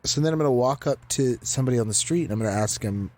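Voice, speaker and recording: A man's voice: mid-range voice, sing-song, fast talker, hardly any pauses, mellow. A man playing a tabletop game, talking loosely with fillers and swearing. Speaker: player. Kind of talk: casual tabletop play.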